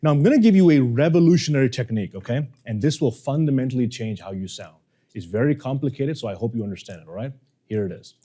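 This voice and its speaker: A man, a public speaking coach, teaching a workshop to a live audience, energetic and playful, often quizzing the room. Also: mid-range voice, fast.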